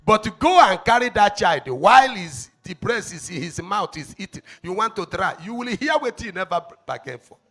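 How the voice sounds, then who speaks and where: A Nigerian man preaches a fervent sermon in a strikingly high, bright and forceful voice with a gravelly edge. He swings between shouted declarations and quiet asides, and keeps pressing the congregation with rhetorical questions. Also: expressive, normal speed, hardly any pauses. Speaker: evangelist.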